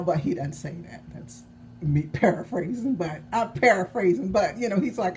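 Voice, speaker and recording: A woman's voice: mid-range voice, lively intonation, moderate pace, a little mellow, slight background noise. Rambling woman chatting about her novel. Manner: rambling, self-correcting, chuckling. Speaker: novelist vlogger. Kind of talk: casual chat about her own novel.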